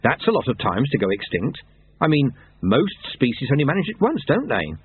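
A man's voice: medium pitch, wildly swooping pitch, fairly quick, breathy edge, voice pushed up, exaggerated voice. A man voicing a young, earnest male monk apprentice who sounds incredulous and fussy, over tinny narrowband audio.

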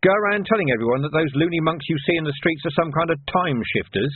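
A man voicing a weary, angry male watch commander who talks gruffly. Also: a little high, expressive, quick pace, no echo, voice pushed up. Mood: exasperated. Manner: gruff, exasperated. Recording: tinny phone-like sound.

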